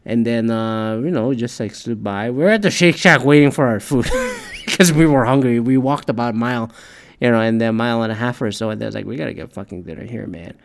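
A man's voice: medium pitch, fairly quick. A man ranting in a casual, profane, rambling monologue, full of restarts and swearing. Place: Detroit area.

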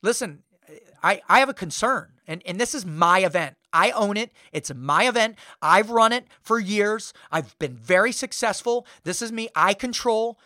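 A man's voice: high voice, lively intonation, normal speed, pushed and bright, no room sound, studio quality. A man voicing a controlling female event organizer who keeps repeating herself and stammering. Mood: insistent.

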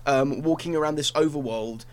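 Excitable, swearing male podcast host. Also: on the high side, brisk. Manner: excitable, swears, stumbles over words. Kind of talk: casual podcast chat.

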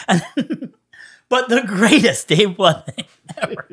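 Animated, laughing storyteller, slightly high voice. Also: male voice, slow pace, slightly rough. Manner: animated storyteller who laughs often and acts out quoted people. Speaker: podcast guest, musician. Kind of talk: casual storytelling interview.

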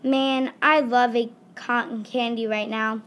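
A girl voicing a mischievous, cheerful male mouse in a slow, easy way. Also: fairly high pitch, steady tone, a bit bright, slight background noise. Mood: hungry. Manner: sly, cheerful.

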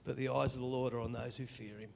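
A middle-aged Australian man giving an earnest, emotional spoken testimony in church, halting and restarting as he speaks. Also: medium pitch, flat delivery, gravelly, a little mellow, faint music behind.

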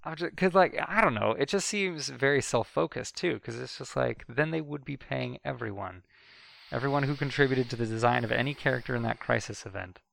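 Male co-host, rambling casual chatter, heavy vocal fry, dry close sound. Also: medium pitch, a little fast, a bit bright, no room sound. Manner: rambling, restarts often, mimics others in quotes. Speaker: podcast co-host. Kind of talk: casual chat.

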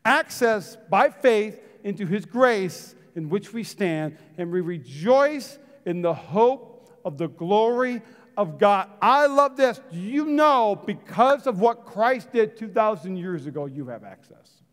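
A man pastor delivering a dynamic sermon to his congregation. His voice sits high and swings from loud shouted lines to soft, almost whispered phrases. The sound carries a long reverb from the church hall. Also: lively intonation, slow. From United States. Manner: calls out to the congregation.

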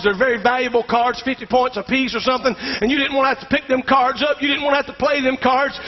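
A middle-aged man, preaching a sermon emphatically and calling out to the congregation for responses. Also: very high voice. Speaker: pastor. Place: church sanctuary. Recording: dull recording with long hall reverb.

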